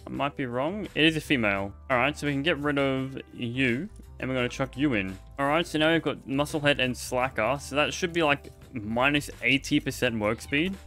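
A man's voice: mid-range voice, normal speed, hardly any pauses, pushed and bright, soft background music. A young man giving playful, jokey commentary over a video game, chatting to the creatures on screen as he plays. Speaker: gaming video host. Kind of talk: casual gameplay commentary.

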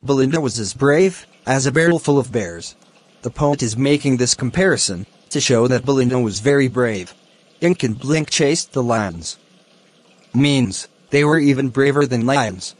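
A man teaching a poem, explaining its lines and word meanings slowly and deliberately. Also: medium pitch. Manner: slow, deliberate, glossing words one by one. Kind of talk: educational explanation.

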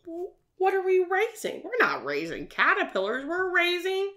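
A woman's voice: extremely high pitch, sing-song, normal speed, fairly bright tone. A woman teaching a virtual preschool science lesson, asking young children lots of questions and praising their answers in a sing-song teacher manner.

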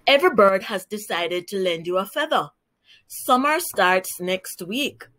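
A woman's voice: medium pitch, animated, measured pace, fairly bright tone. A woman voicing an impatient male parrot in a storybook reading, fretful and pressing.

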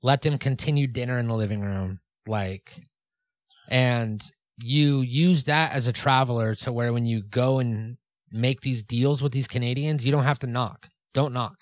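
A man's voice: medium pitch, measured pace, dry recording, studio quality. A man co-hosting a comedy podcast, playfully leading the bits with mock instructions and a joke ad read. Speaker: podcast co-host.

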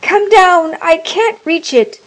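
A woman's voice: very high voice, animated, slow pace, pitched above the performer's own voice, exaggerated voice, low-quality recording. A woman voicing a frantic old mother crying out desperately for her son in a read-aloud story. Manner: desperate, pleading cries.

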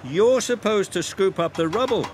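A man's voice: high-pitched, expressive, moderate pace, voice pushed up. A man voicing a polite, fussy male crane engine in a storybook reading, with music behind.

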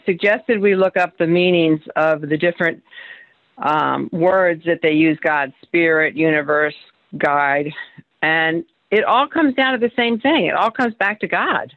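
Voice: mid-range voice, a little slow, narrow, tinny audio. A participant in a recovery workshop who shares personal experience earnestly, with the voice swinging up and down for emphasis. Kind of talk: personal sharing in a group workshop.

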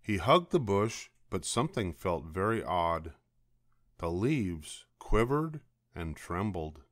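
An older man reading a children's picture book aloud as a bedtime story, slow and expressive. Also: deep voice, dry recording, clean studio sound.

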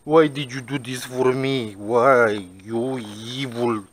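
A man's voice: medium pitch, steady tone, slow pace, slight background noise, voice pushed down, lightly acted. A man voicing a tearful, furious young woman. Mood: upset, pleading. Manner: profane, pleading.

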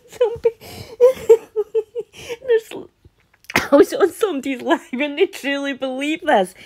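A woman's voice: high voice, very animated, measured pace, long pauses, darkish tone. A woman with a Scottish accent chatting to camera as a vlogger, laughing often and breaking into incredulous asides. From Scotland. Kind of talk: casual chat to camera.

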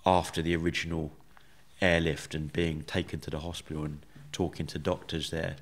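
Low-voiced man telling his story. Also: flat delivery. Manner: measured, reflective, with many fillers. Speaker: podcast guest. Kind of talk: conversational storytelling.

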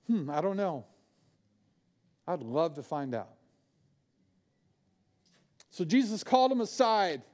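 High-voiced preacher man. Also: measured pace, pauses often. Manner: animated preaching, swings from loud bursts to hushed, low asides. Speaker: pastor. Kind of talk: sermon.

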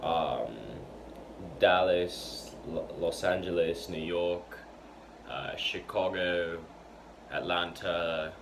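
Teen boy, unscripted vlog, low and unhurried, fumbling with fillers, audible background noise. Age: teens. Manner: hesitant, many fillers and restarts. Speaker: fan channel member. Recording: noisy home recording.

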